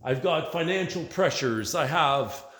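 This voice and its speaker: A middle-aged man with a fairly high voice rants in exasperation, swearing freely and tagging sentences with "man". He sounds like he is in a big bare workspace, with his voice ringing off the walls and trailing into a long reverb. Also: lively intonation, a little slow, fairly bright tone. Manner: exasperated, profane, keeps saying "man". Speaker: small business owner. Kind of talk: venting monologue vlog. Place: large bare workspace under renovation. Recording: echoey hall with long reverb.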